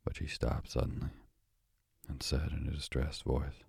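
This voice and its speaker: A man narrating a classic novel as a soft, drowsy sleep story. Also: a bass voice, little pitch movement, moderate pace, vocal fry, slightly rough, no echo, clean studio sound. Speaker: bedtime story reader.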